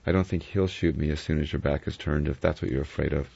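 A man's voice: fairly even intonation, fast talker, gravelly, warm tone, slightly rough, full character voice. A man voicing a frightened but obstinate young Englishwoman in a raised, strained voice. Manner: high, strained feminine voice put on. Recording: dull lo-fi recording.

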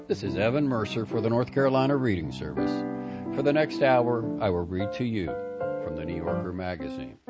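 A man reading a story aloud for a reading service for the blind, expressive and lively. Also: mid-range voice. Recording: dull lo-fi recording.

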